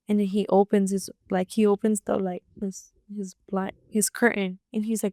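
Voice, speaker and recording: A young woman, a podcast guest, telling a personal story in a rapid, animated way and filling her speech with "like". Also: medium pitch, no room sound, studio quality. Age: young adult. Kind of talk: casual storytelling.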